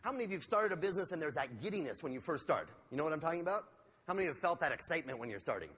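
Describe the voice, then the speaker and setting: A sales trainer giving a motivational seminar talk to a live audience, energetic and asking the audience questions. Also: male voice, a little high, racing, slightly rough. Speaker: sales trainer and keynote speaker. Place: large hall with a live audience. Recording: long hall reverb.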